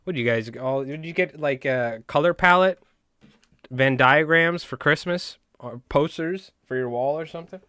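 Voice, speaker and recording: A man's voice: on the high side, moderate pace, pushed and bright, clean tone, dry recording, clean studio sound. A man hosting a casual fly tying live stream, joking and rambling as he talks back to his chat.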